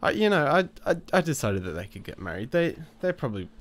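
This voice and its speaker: A man's voice: medium pitch, very animated, quick pace, slight background noise. A man with a stuffed-up cold, casually commenting on his life-sim game with lots of fillers, restarts and chuckles. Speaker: gaming channel host. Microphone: new desk microphone.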